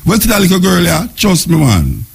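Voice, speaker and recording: A middle-aged man with a Jamaican accent, hosting a radio show in casual, excited patois talk. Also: high-pitched, brisk, vocal fry, slightly rough. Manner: excited, laughing, patois chatter. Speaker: radio host. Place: radio studio.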